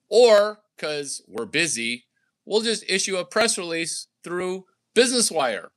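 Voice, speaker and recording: Very animated and a little slow, this man speaks with a fairly bright tone. He's an entrepreneur vlogger ranting brashly and provocatively about money and deals, swinging his pitch wildly and trading mock voices with his real one.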